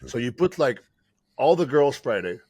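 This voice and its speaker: A man's voice: mid-range voice, sing-song, normal speed, warm tone, husky, no room sound. A man chats on a podcast, rambling through his ideas with many fillers. His voice sounds close and dry, with no room around it. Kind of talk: casual podcast chat.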